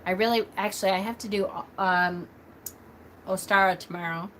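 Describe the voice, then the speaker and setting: A middle-aged woman teaching a casual livestream lesson, chatty and quick with lots of fillers, coughing now and then. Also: mid-range voice, steady tone, a little hiss or hum. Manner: chatty, talks a lot and loudly and quickly, frequent fillers. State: coughing at times.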